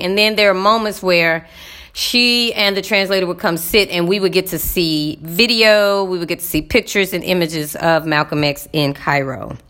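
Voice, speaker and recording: A woman's voice: medium pitch, a bit bright. A woman vlogger casually recounting a visit, rambling and talking straight to her viewers with frequent fillers.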